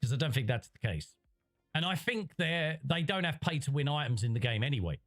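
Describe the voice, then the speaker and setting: A man's voice: fairly high pitch, expressive, fairly quick, a bit bright, soft background music. A man rambling through livestream commentary, reading chat and restarting his sentences often. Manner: rambling, conversational, frequent restarts.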